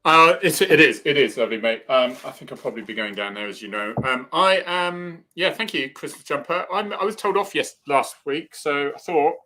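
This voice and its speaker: A man chatting over a video call with an old friend. His voice is bright and sharp, and it rises and falls a lot as he teases and tells stories. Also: on the high side, normal speed, few pauses. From Cornwall, England. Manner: lively, teasing banter. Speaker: co-host. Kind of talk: casual chat.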